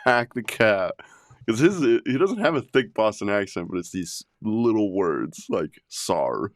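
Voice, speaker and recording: A man's voice: lowish voice, very animated, measured pace. A man co-hosting a podcast in casual chat, laughing often and swearing freely. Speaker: podcast co-host.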